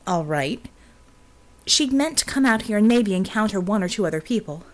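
A woman narrating an audiobook in a steady, expressive reading voice. Her pitch sits in the middle of the usual range. The delivery is scripted and even. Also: normal speed.

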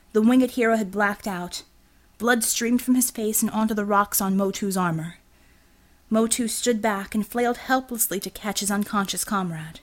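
A woman reading an action novel aloud as audiobook narrator, steady and expressive. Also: medium pitch. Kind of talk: scripted narration.

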